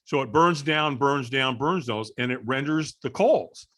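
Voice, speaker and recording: A middle-aged man telling a story as a guest on a podcast, animated and acting out the voices of people in the story. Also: mid-range voice, a little slow. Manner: animated storyteller, acts out quoted dialogue. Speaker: guest, firewalk instructor.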